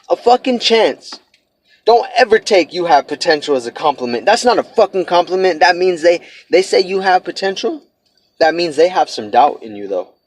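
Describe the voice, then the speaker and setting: A man in his twenties giving a blunt, profane, heartfelt motivational vlog talk, casual street slang throughout. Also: high-pitched. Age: 20s. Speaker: vlogger.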